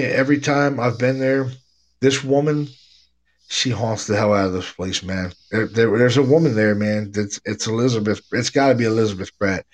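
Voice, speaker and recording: A man hosting a casual podcast, his voice at an ordinary middle pitch. He tells ghost stories in a loose, laid-back way, with a slightly stuffy nose. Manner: laid-back storytelling, says "man" and "dude" a lot. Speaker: podcast host, paranormal investigator. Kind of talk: casual chat.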